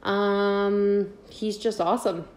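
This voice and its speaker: A woman's voice: medium pitch, fairly even intonation, takes it slowly, darkish tone. A woman co-hosting a podcast, chatting casually and asking her guests questions. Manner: easygoing, asks questions. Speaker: podcast co-host. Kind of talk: casual chat.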